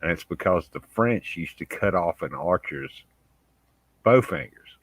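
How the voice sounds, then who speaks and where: Deep-voiced laid-back man. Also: animated, measured pace, no echo. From United States. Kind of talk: casual chat.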